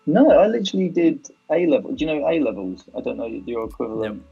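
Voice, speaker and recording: Laid-back young London man, gravelly, husky. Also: medium pitch, sing-song, fast, faint music behind. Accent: London English. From London, England. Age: 20s. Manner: laid-back, chatty, says "like" often. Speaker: podcast guest. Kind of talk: casual live-stream chat. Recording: dull, lo-fi live-stream audio.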